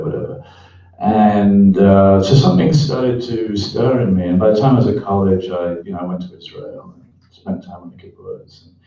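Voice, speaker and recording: A middle-aged man gives a frank, reflective interview at a book event. His voice is deep and mellow, and he often pauses and restarts his thoughts. The recording is distant and dull, with heavy echo from the hall. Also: creaky. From England. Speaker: author and columnist. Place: event hall before an audience.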